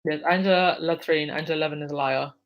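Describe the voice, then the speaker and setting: A woman's voice: sits low, steady tone, quick pace, lo-fi sound. A woman hosting a casual live stream, reading out viewer comments and answering them by name, laughing often. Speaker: livestream host reading chat.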